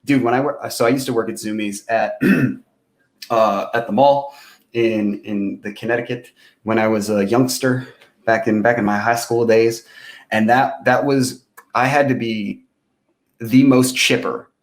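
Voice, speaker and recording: A man's voice: medium pitch, steady tone, measured pace. A young man co-hosts in loose, profane banter with a middling voice. His mic picks up a roomy echo. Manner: laid-back, profane banter. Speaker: podcast co-host. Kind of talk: casual chat. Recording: echoey room.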